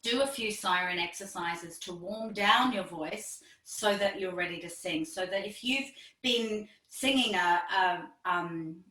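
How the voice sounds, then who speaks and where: A woman vocal teacher explaining singing technique as a podcast guest, lively, demonstrating with her voice and laughing often. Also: lowish voice, a little slow, far from the mic. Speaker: vocal pedagogy specialist, guest. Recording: echoey room, a bit off-mic.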